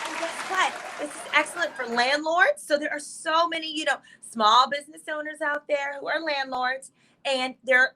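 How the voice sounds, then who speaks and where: A woman legal expert guest on a talk show, explaining with fast, emphatic excitement over a video call from a hotel room. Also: sits high, noisy background.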